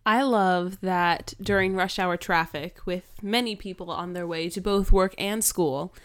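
A woman's voice: fairly low pitch, steady tone, unhurried, fairly bright tone, clean tone. A woman in casual chat as co-host, teasing and laughing.

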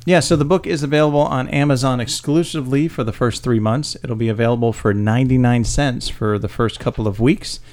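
A man's voice: mid-range voice, fairly even intonation, brisk, hardly any pauses, a little mellow, no echo. A middle-aged man co-hosting a casual podcast with his daughter, teasing and laughing often. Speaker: podcast co-host.

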